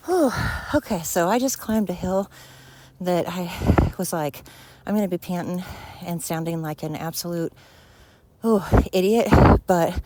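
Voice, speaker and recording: Woman, podcast host, out of breath outdoors, scattered and self-deprecating, lowish voice, faint background noise. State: out of breath from walking uphill. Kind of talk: rambling solo podcast. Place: outdoors on a night walk by a road.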